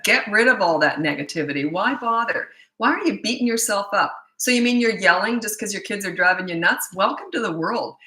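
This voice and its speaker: A woman's voice: medium pitch, expressive, a little fast, hardly any pauses, bright, forceful tone, echoey room, low-quality recording. A middle-aged woman parenting coach answering viewer questions in a blunt, emphatic way, often restarting her sentences.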